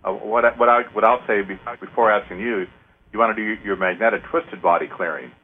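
Halting low-voiced husky man on radio. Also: fairly even intonation. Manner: rambling, halting, many fillers, counts aloud slowly. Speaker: host leading an energy clearing. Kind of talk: casual radio talk. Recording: narrow phone-like radio sound.

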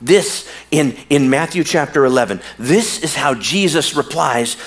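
A man preaching a sermon in a storytelling way, drawing out words for emphasis and slipping into casual slang with the congregation. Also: on the high side. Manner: animated storytelling with slow, drawn-out pauses for emphasis. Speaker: pastor.

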